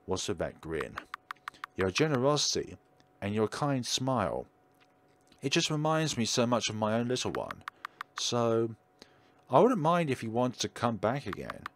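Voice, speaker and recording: A man voicing a lonely, motherly woman witch who lives in the woods, gentle and polite as he reads game dialogue aloud. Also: mid-range voice, big pitch swings, unhurried, long pauses, slight background noise.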